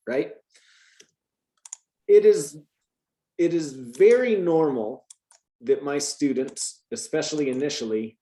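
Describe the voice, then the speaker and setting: A man tutoring Spanish in a relaxed, chatty way, thinking out loud and checking in with "right?" His voice is dark and mellow. The room is echoey around him. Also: on the high side, takes it slowly, pauses often. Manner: chatty, thinks aloud with restarts and frequent "right?". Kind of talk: casual online tutoring.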